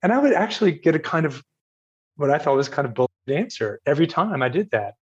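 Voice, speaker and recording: A man's voice: on the high side, very animated, quick pace, slightly rough. Older man telling a self-mocking story. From Virginia, United States. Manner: anecdotal and self-mocking, quotes others, laughs at himself. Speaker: podcast guest. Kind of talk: storytelling in a casual interview. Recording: slightly dull, lo-fi audio.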